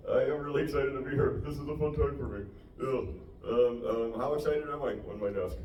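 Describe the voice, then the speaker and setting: A man's voice: mid-range voice, a little fast, a little mellow, muffled recording. A young man doing a stand-up set to a small audience, rambling and self-deprecating. He laughs often at his own lines. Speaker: stand-up comedian. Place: small live venue. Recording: echoey room, distant mic, noisy.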